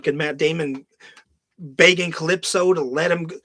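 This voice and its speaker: A man's voice: fairly high pitch, steady tone, moderate pace, sharp tone, no echo. A man hosting a podcast, ranting in casual, heavily profane commentary, now and then mocking film lines in a put-on voice. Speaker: podcast host.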